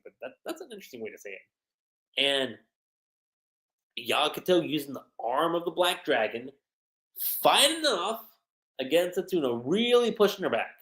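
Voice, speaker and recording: A man breaks down a manga chapter in a loose, slangy livestream review. His pitch swings widely as he acts out the scenes. The recording has a roomy echo. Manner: animated, slangy, retells scenes in quoted voices.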